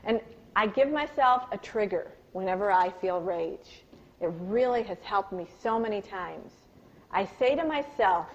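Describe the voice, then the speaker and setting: A woman giving a live workshop talk on parenting, telling animated personal stories and asking her audience questions. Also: moderate pace, highs cut off. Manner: acts out yelled lines in a high, loud voice. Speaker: parenting and communication speaker.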